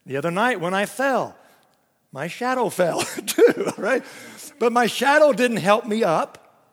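A man preaching a sermon, telling lively stories with jokes and little voice impressions. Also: sits high, unhurried, long reverb tail. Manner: animated storytelling with jokes and voice impressions.

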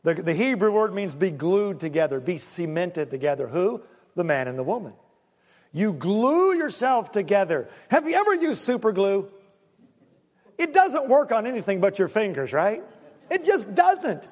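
A man preaches in a high, bright voice that leaps up and down with emphasis. He jokes with his congregation and hammers his points with repetition. The sound rings with the long reverb of a church hall. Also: moderate pace. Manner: lively, joking, emphatic preaching with audience asides. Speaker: pastor. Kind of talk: sermon. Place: church sanctuary.

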